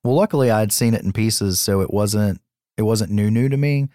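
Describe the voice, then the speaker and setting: A man with a lowish voice tells a movie's story on a podcast, swearing freely and getting animated. The sound is dry and close. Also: brisk, no echo. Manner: profane, animated movie recapping. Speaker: podcast co-host. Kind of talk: casual chat.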